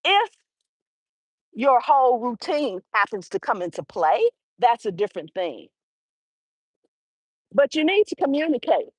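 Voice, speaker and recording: A woman's voice: a little high, a little slow, pauses often, husky, no echo, rough recording. A woman hosting a live motivational talk while out on a walk, acting out little everyday dialogues as she speaks. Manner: animated, acts out little dialogues. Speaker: livestream host. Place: outdoors on a walk.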